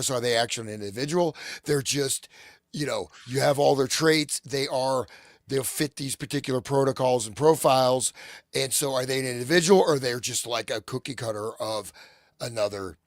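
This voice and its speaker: A man with a gravelly, creaky voice and a sore throat talks over a remote call mic. He rambles and speculates, cutting himself off mid-sentence. The sound is dry and close. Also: medium pitch, no echo. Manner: rambling, speculative, self-interrupting. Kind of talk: casual conspiracy discussion.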